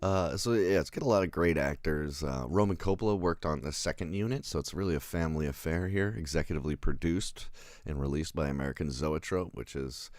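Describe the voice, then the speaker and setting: A man's voice: rumbling low, a little fast, darkish tone, dry recording, clean studio sound. A man reviewing a film in a casual livestream, rambling, chuckling and answering live chat as he goes.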